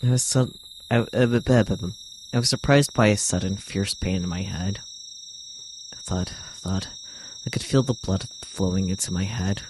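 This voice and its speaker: A man's voice: low-pitched, normal speed, background noise. A man streamer reading a visual novel aloud in a dramatic, brooding narration.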